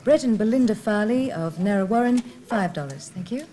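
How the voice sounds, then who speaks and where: A woman's voice: mid-range voice, lively intonation, moderate pace, dark tone, a little hiss or hum. An Australian woman reading telethon donations steadily. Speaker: telethon presenter.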